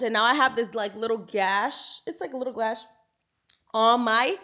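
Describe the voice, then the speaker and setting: A woman's voice: on the high side, moderate pace. A woman in her thirties, a lifestyle vlogger telling a story to camera in a casual, chatty way, talking to viewers like friends. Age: 30s. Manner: animated, chatty, talks to viewers as "girl" and "y'all".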